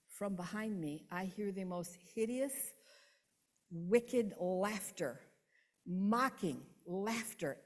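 A middle-aged woman tells her faith testimony with plain earnestness. Her voice dips low and hushed at times, then rises to an emphatic pitch, and it rings with a long reverb as if in a large hall. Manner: earnest storytelling, swings between hushed and emphatic. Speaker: testimony speaker.

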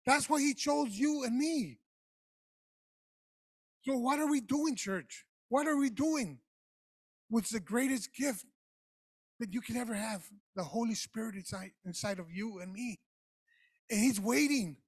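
A man with a strikingly high voice preaches to his congregation. He talks straight to the people in front of him and builds to impassioned shouts. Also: animated, unhurried, pauses often. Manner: passionate, rising to shouts; addresses the congregation directly. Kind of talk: sermon.

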